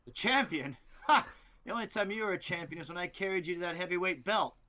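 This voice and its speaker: A man voicing a cocky male hero who loudly taunts an old rival in a tabletop game. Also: high-pitched, fast talker, pitched above the performer's own voice. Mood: taunting. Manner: taunting, loud.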